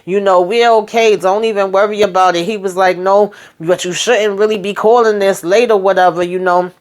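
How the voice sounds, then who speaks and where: A woman in a casual, animated recap, speaking. She slips into the characters' voices as she retells scenes and keeps checking in with her listeners. Her pitch sits in the middle range for a woman. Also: fairly quick. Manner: colloquial, peppered with "okay?" and "you know". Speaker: YouTube show recapper.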